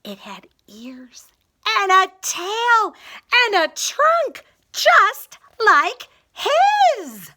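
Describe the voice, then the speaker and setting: A woman reading a rhyming children's story aloud with expressive, rhythmic storytelling. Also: very high voice, extremely slow. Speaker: storybook reader.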